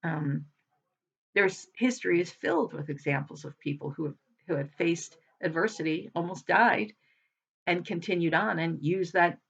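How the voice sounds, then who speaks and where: A woman's voice: on the low side, measured pace, gravelly, a bit bright, husky. A woman giving a casual spoken lesson as a motivational speaker, earnest and repeating phrases for emphasis. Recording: dull lo-fi sound.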